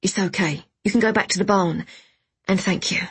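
A woman voicing a calm, steady grown man who reassures others in a storybook. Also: medium pitch, normal speed, husky. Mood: reassuring.

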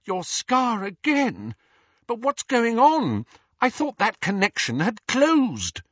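Hermione, a man voicing a shrill anxious teen witch. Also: wildly swooping pitch, unhurried, a bit bright, no echo, dull audio, full character voice. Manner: shrill, frightened. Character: anxious high-strung teenage witch girl.

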